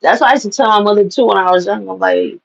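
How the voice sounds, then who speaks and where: A woman telling animated, profane personal stories to the camera and laughing at them. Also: mid-range voice, fast, vocal fry, breathy edge, dull audio. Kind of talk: casual storytelling to camera.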